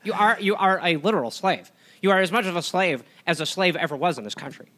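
A man's voice: high-pitched, fast, no room sound. A man co-hosting a comedy podcast, chatting jokily and reading plugs for his shows. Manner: jokey, animated, breaks into laughs. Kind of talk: casual comedic chat and ad read.

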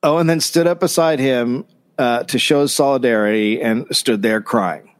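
A man's voice: mid-range voice, moderate pace, clean tone. A man co-hosting a comedy history podcast, reading from notes and adding dry, sarcastic asides. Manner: reads notes, then riffs with dry sarcasm.

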